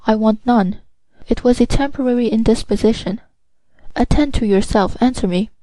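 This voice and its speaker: A woman voicing a pale, frightened male magistrate who speaks in low, strained murmurs. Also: normal speed, dark tone, no echo, close to an everyday voice, low-quality recording. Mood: curt. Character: pale anxious male magistrate, stern and shaken.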